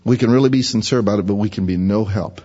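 A man preaching a conversational sermon, acting out everyday voices with a pitch jump. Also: fast, warm tone. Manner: conversational, acts out imagined voices in a higher pitch. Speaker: pastor. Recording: dull reverberant hall sound.

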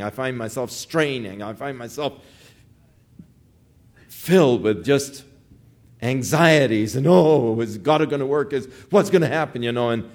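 Older male preacher, sermon storyteller, slow delivery with a lively, swooping pitch. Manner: storytelling, acts out pleading voices.

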